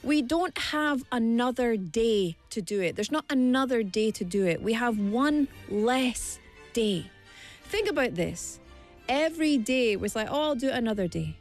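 A woman's voice: a little high, lively intonation, unhurried, soft background music. A middle-aged woman teaching a word-of-the-day lesson in an encouraging, motivational way. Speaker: language teacher.

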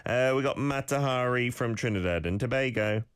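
A man hosting a radio show who coaches listeners' pronunciation, patiently repeating sounds slowly and explaining small corrections. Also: medium pitch, smooth, no echo, clean studio sound. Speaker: radio host teaching Korean. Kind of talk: casual radio talk with language tips.

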